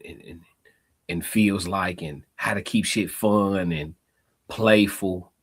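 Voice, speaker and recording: Brief: lower-voiced man, streamer host, slang, laughing asides. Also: slightly rough. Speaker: live show host. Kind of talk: casual reaction commentary.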